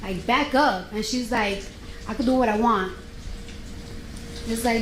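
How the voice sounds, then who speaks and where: A woman's voice: on the high side, unhurried, long pauses, reverberant, slight background noise, poor audio. A woman testifying in court, animatedly retelling a confrontation and quoting both sides. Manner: animated retelling with quoted dialogue. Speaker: witness testifying.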